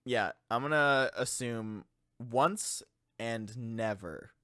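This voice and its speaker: A man's voice: mid-range voice, takes it slowly, sharp tone. A young man co-hosting a podcast, joking around and laughing often in casual chat. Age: young adult. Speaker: podcast co-host.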